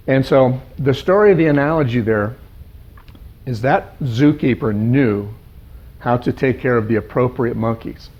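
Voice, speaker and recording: A male life coach telling a parable in an animated storytelling manner, piling up lists of words. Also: mid-range voice, a little slow. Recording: dull lo-fi sound.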